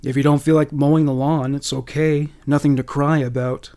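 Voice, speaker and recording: A man's voice: on the high side, level tone, normal speed, warm tone, natural voice. A man voicing a father who asks breezy, probing questions with a hidden menace. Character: jovial father masking menace.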